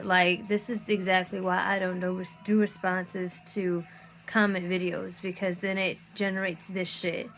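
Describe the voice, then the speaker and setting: Weary woman with a gravelly, flat voice. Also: on the low side, moderate pace, a little hiss or hum. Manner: weary, frustrated, swearing often. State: tired, near tears. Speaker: content creator. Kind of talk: emotional rant to camera.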